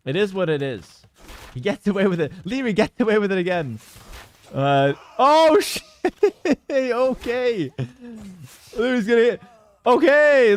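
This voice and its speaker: A man casting a strategy game tournament live, casual and opinionated, breaking into excited shouts at big plays. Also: fairly high pitch, slight background noise. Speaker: esports caster.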